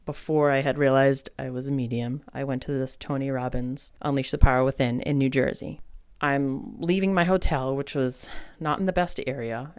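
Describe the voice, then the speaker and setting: A woman hosting a solo spiritual podcast, telling personal stories in a chatty, animated way with lots of fillers. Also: extremely low pitch, no echo, studio quality. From New England. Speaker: podcast host and medium.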